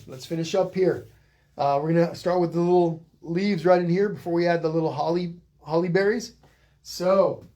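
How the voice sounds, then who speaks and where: A middle-aged man, teaching a live online painting lesson in a relaxed, chatty way and reading out viewer comments as he goes. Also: fairly high pitch. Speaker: painting instructor.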